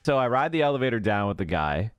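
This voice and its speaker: A man with a medium-pitched, clear, resonant voice talks fast, telling a story to his chat. He's casual, animated and profane, swearing and acting out what other people said. The recording is dry.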